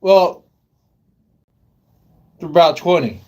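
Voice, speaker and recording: A man with a slightly high voice films a joking walking vlog in the snow on his phone, drawing out his words animatedly as he rambles and erupts in mock outrage. Strong wind blasts the phone's microphone, leaving the audio poor.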